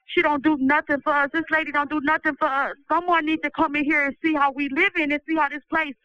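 Really high thin voice, guy sick and coughing, pleading into a muffled dry prison phone. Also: level tone, dry recording. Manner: pleading, distressed, halting restarts. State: sick, coughing, swollen throat. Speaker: incarcerated person giving a recorded commentary. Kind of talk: recorded phone commentary. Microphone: telephone.

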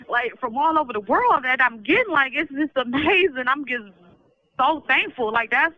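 Emotional middle-aged woman on a dull phone line. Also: on the high side. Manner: earnest, rambling, emotional, repeats her thanks. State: tired and emotional. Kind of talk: heartfelt spoken thank-you message.

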